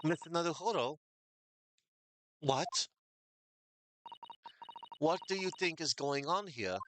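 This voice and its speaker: A man's voice: fairly high pitch, expressive, slow pace, fairly bright tone. A man voicing a courteous, slightly hesitant young male lawyer in a game. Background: game music.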